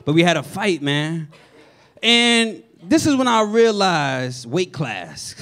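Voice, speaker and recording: A man with a New York accent doing a stand-up set, telling family stories in a lively way and acting out the people in them with loud punchlines. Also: high-pitched, takes it slowly. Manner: animated storytelling, loud punchlines, acts out family members. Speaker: stand-up comedian. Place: comedy stage before a live audience. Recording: audience laughter behind.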